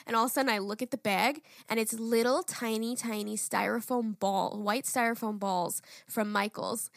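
Woman, young adult, podcast co-host, animated storyteller, cursing, high-ish voice, dry recording. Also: normal speed, creaky, hardly any pauses, dry recording. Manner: animated storyteller, swears freely. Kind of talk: casual chat.

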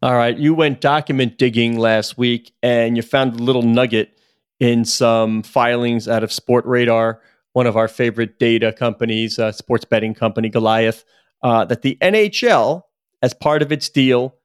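A man's voice: medium pitch, fairly even intonation, moderate pace, smooth, no room sound, studio quality. A man hosting a sports business podcast in a casual, joking, self-deprecating way. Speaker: podcast host.

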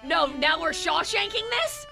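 A woman co-hosting a radio show, doing improv comedy with animated, sarcastic asides. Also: very high-pitched, a little slow, gravelly, soft background music. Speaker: radio co-host.

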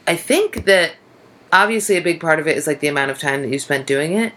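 Chatty low-voiced young woman comedian. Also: expressive, quick pace, fairly bright tone. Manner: chatty, rambling, swears casually, acts out quotes. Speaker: podcast co-host and comedian. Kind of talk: casual chat.

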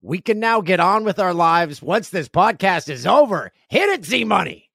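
A middle-aged man, hosting a podcast and telling jokey stories in a casual, animated way. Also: sits high, moderate pace, gravelly, no room sound. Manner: animated, jokey, acts out quotes. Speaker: podcast host. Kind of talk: casual comedic storytelling.

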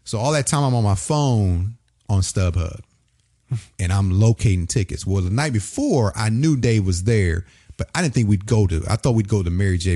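A man from Springfield, Illinois, telling a lively story in casual talk and acting out the voices of the people in it. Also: on the low side, no room sound, studio quality. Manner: animated storyteller, acts out quoted voices. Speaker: podcast guest.

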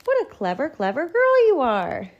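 A woman voicing a gentle, affectionate mother in a storybook reading, in a raised, lilting voice. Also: high voice, wildly swooping pitch, moderate pace, highs cut off, pitched above the performer's own voice, exaggerated voice. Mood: fond. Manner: bright, lifted sing-song reading.

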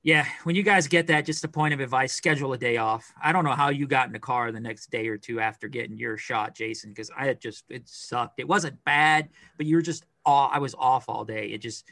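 A middle-aged man co-hosting a podcast, chatting casually in a rambling, animated way with lots of fillers. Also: mid-range voice, a little fast, few pauses, dry recording, clean studio sound. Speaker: podcast co-host. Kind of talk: casual chat.

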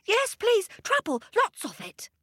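A woman putting on a squeaky, eager little monkey. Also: measured pace, dry recording, studio quality, heavily acted. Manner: excited, squealing.

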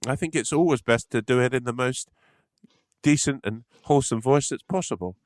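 A man's voice: medium pitch, a little fast, darkish tone, no echo, studio quality, natural voice. A man improvising a nervous friend who delivers bad news in an overly decent, wholesome voice. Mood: prim, nervous. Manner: overly prim, wholesome and formal. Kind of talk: comedic improvised role-play.

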